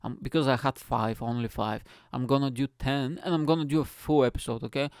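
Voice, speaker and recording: A man's voice: mid-range voice, steady tone, a little fast, clear, resonant tone, no echo, clean studio sound. A man hosting a solo podcast, rambling and swearing as he jokes through topics. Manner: rambling, profane, jokey. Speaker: podcast host. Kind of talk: casual solo rant. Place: lives in Britain.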